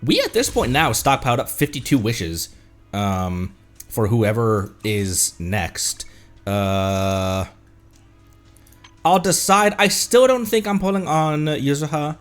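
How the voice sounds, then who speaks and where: A man from Colorado streaming a game at home, stuffy from a cold, who rambles, laughs a lot and pokes fun at himself in casual chat. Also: medium pitch. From Colorado, United States. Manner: rambling, self-mocking, laughs often. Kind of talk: casual live-stream chat over gameplay.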